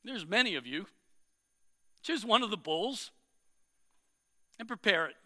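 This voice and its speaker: A man voicing a bold, fierce prophet, declaiming slowly and forcefully. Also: sits high, very animated, exaggerated voice.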